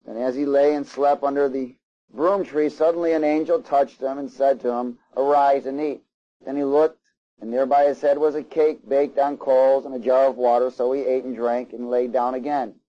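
A man's voice: medium pitch, fairly even intonation, normal speed. A man preaching a sermon, reading scripture aloud and stopping for asides and questions to the congregation. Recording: slightly dull, lo-fi sound.

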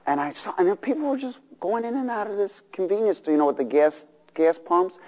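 Animated preacher man in a reverberant hall. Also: high-pitched, brisk, highs cut off. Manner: animated, call-and-response, acts out voices. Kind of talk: sermon. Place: church hall. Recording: long reverb of a large hall.

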